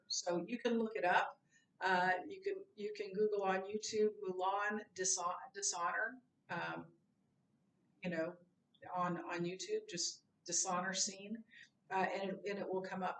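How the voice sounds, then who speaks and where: A woman leads a recorded Bible lesson in an easygoing, conversational manner. She mixes in personal asides. Her voice sits mid-range and is picked up from some way off the mic, with a roomy echo around it. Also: medium pitch. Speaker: Bible class teacher. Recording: roomy, from a distance.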